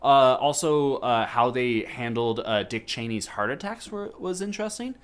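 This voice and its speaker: A man's voice: medium pitch, expressive, moderate pace, smooth. Rambling young-sounding podcast man. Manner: rambling, lots of fillers and restarts. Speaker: podcast host. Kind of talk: casual chat about a movie.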